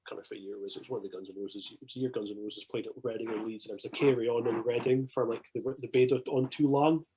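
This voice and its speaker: A Scottish man, a podcast guest, telling an anecdote in casual chat, excitable, swearing a lot and restarting his sentences. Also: medium pitch, very fast, slight background noise, rough recording.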